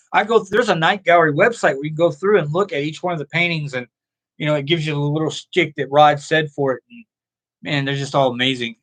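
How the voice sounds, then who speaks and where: A man hosting a casual live stream, reading chat and telling stories in a rambling, animated way full of fillers. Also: a little high.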